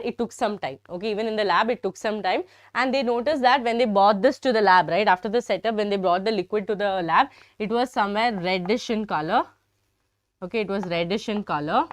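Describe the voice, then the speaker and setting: A young woman with an Indian English accent and a medium-pitched voice, recorded with no room sound, teaches a live online biology lesson. She's chatty and teasing, often turning to address her students.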